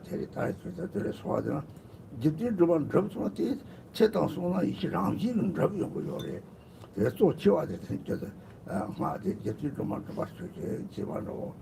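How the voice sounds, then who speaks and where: Older male Buddhist teacher, very fast, gravelly, lively pitch, noisy recording. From Tibet. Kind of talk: religious teaching.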